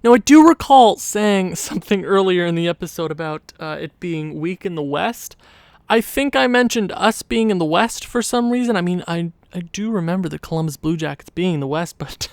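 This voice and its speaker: A man thinking aloud in casual gameplay commentary, rambling and hesitant, often restarting, then breaking into sudden excited outbursts. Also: high voice, moderate pace, smooth, no room sound. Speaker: gaming channel host.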